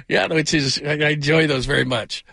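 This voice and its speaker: Fill-in male sports radio host, rambling and jokey, bright voice, close dry mic. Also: fairly high pitch, moderate pace, vocal fry, breathy edge, no echo. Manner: rambling, self-deprecating, laughs often. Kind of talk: casual sports talk radio. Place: radio studio.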